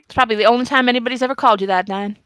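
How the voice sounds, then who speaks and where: A chatty woman tossing out quick jokes as a player in an online tabletop session. Her voice is bright and slightly high, heard on a dry, close mic. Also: steady tone, clean tone, dry recording. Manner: chatty, joking, quick asides. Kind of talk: casual online game chat.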